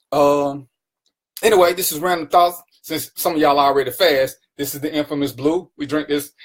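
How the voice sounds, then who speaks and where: This livestream talk show host is a man whose fairly high voice carries a breathy edge. Hosting his own stream, he welcomes viewers by name and jokes around with them, teasing casually.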